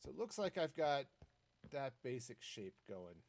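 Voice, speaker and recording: A man's voice: measured pace, creaky, a little hiss or hum. A man streaming a building game, chatting in a rambling, easygoing way as he plays. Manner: chatty and rambling, lively swings in pitch. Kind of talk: casual gameplay commentary.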